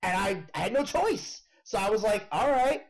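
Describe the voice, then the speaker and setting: A man hosting a casual podcast chat, telling a story in an animated way and swearing freely. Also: sits high, moderate pace, rough recording. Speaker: podcast host.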